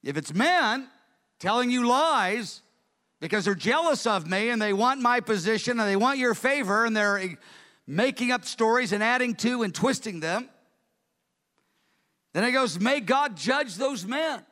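A man preaching a sermon, telling the story in an animated, conversational way. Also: extremely high pitch, unhurried, big-room sound.

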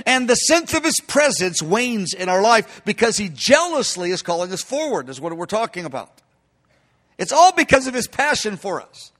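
A man's voice: very high-pitched, a bit bright. A man preaching a sermon in an emphatic way, calling his listeners "beloved.".

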